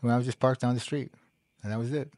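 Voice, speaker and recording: A middle-aged man talking casually, telling a personal story in a rambling, animated way with frequent laughs. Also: mid-range voice, fast, dry recording, studio quality. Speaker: host. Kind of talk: casual monologue.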